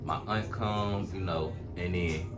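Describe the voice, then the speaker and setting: Young man, low voice, animated storytime vlog, music underneath. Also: takes it slowly. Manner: animated, chatty storytelling with lots of fillers. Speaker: vlogger.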